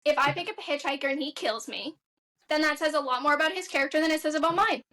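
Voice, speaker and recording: High bright-voiced blunt young woman. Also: quick pace. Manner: blunt, profane storyteller. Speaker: podcast guest. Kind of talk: casual podcast chat.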